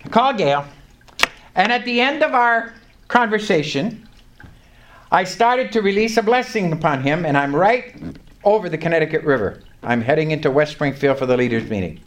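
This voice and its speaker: An older voice tells a personal faith story to a small group. The pitch swings widely from low and hushed to high and excited, and the voice is neither notably high nor low. The delivery is animated and full of acted-out prayers and soft chuckles. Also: a little hiss or hum. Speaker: lay preacher sharing testimony.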